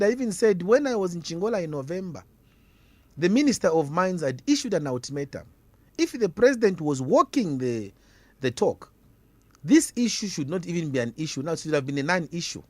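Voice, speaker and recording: This Zambian opposition politician, a guest on a radio debate, has a high voice with big pitch swings and talks fairly quickly with no echo. He argues hard and combatively, repeating questions to hammer home his points.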